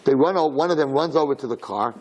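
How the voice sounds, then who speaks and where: A male rabbi telling a story in a sermon, animated and acting out voices, with Hebrew and Yiddish terms mixed in. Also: fairly high pitch, fast, low-quality recording.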